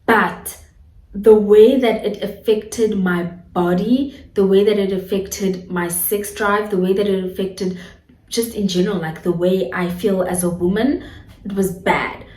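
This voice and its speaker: A young woman from South Africa talks frankly and expressively to her camera, chatty and unguarded. Her voice sits at an ordinary middle pitch. It bounces around a roomy, echoey space, and she sounds a little far from the mic. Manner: candid, animated storytelling, addresses viewers as guys. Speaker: vlogger. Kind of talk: casual talk to camera.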